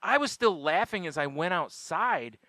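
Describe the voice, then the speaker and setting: A man co-hosting a podcast, telling a funny everyday story in a casual, animated way and laughing often as he goes. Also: high-pitched, normal speed, dry recording, studio quality. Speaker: podcast co-host.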